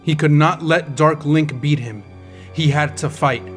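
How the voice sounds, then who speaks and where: A man narrates an audiobook with dramatic intensity, his voice sitting fairly high for a man. Soft music plays underneath the reading. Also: unhurried.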